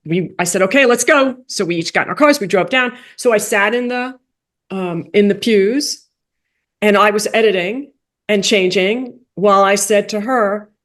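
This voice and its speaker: A woman being interviewed, telling a story in a lively way that acts out quoted dialogue with big jumps in pitch and drops into soft, quiet asides. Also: normal speed. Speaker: guest, coach for rabbis and playwright.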